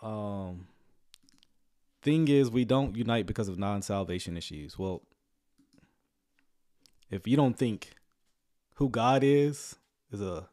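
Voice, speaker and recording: A man giving casual livestream commentary on a sermon, sarcastic and rambling, often chuckling and filling pauses with "um.". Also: lowish voice, darkish tone. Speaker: online commentator reacting to a sermon.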